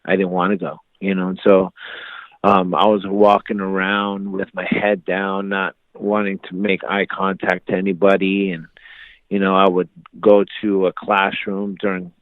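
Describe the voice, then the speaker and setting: A man in his forties with a low voice tells a story on a podcast in a relaxed, casual way, acting out the voices of the people in it. The sound is tight and dry, like a phone line. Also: normal speed, dry recording. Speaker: podcast guest.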